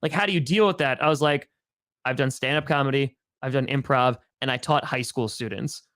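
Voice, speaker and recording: A man's voice: medium pitch, fairly quick, a bit bright. A man hosting a livestream, easygoing and agreeable, laughing along with his guest. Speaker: host. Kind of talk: casual chat on a livestream.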